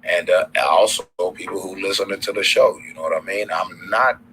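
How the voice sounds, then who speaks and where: Southern male streamer, very low pitch, rambling slangy delivery, light background hiss. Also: brisk, pushed and bright, low-quality recording. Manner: loose, rambling, slangy, many fillers. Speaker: livestream host. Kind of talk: casual livestream sign-off.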